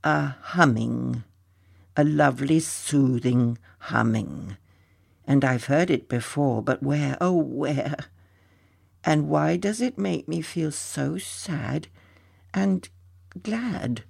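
A storyteller voicing a slow, dreamy male dragon. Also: medium pitch, vocal fry, breathy edge, heavily acted. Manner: slow, wistful, hushed.

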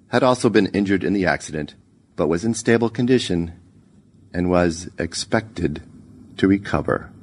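A man narrating a short story in a measured, expressive reading. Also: deep voice, breathy edge.

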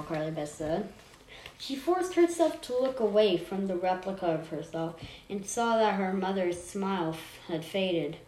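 Woman reading a horror story, slow, self-correcting, echoey room. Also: medium pitch, a little mellow. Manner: unpolished, stops to correct herself. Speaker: story reader. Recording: roomy echo, faint noise.

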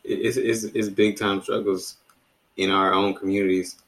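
Male podcast co-host from D.C., low voice, laid-back and reflective, lots of fillers. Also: moderate pace, low-quality recording. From Washington, D.C. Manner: relaxed, reflective, many "you know" fillers. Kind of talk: casual conversation.

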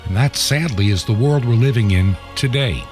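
A man's voice: mid-range voice, moderate pace, darkish tone, faint music behind. A man hosting a radio talk show, speaking in an earnest, conversational way.

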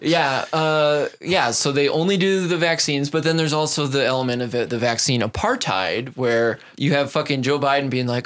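A man's voice: mid-range voice, normal speed, few pauses, fairly bright tone. A man hosting a podcast, chatting casually about politics in a sarcastic, profane way. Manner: sarcastic, profane, mocking voices. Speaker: podcast host.

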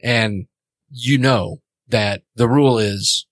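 A man narrating as game master in a tabletop role-playing game, in a loose, halting way. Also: medium pitch, fairly bright tone, no echo.

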